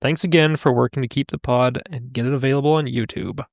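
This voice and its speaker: A man's voice: medium pitch, steady tone, fast, gravelly, no room sound, clean studio sound. A man co-hosting a motorcycle podcast, reading a listener's letter aloud in a playful, theatrical way. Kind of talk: casual podcast chat.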